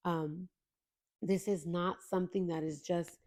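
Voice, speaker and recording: A woman's voice: fairly low pitch, steady tone, a little slow, a little mellow. A young adult woman hosting a faith podcast, talking in an earnest, emotional way straight to her listeners. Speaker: podcast host. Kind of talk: heartfelt faith podcast intro.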